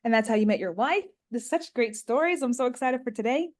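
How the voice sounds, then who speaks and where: A woman's voice: fairly high pitch, lively intonation, quick pace, a little mellow. A woman hosting a podcast, reading an upbeat scripted intro and then chatting encouragingly with her guest. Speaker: podcast host.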